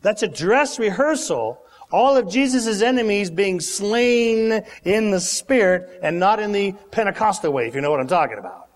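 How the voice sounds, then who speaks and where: A male preacher delivering a sermon, dramatic and animated, acting out the lines he quotes. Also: normal speed, few pauses. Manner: dramatic, acts out quotes with big pitch swings. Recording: long hall reverb.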